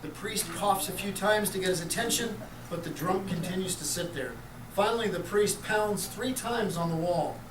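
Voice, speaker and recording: A man's voice: high voice, normal speed. A man telling jokes to a live audience at a music store party, laughing at his own punchlines. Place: music store event room. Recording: echoey room, mic far off, background noise.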